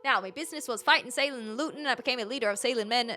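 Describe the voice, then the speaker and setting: Woman doing a boastful old pirate captain, gruff drawl, bright and highish, game reading. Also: rapid-fire. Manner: reads a journal aloud in a rough put-on pirate drawl.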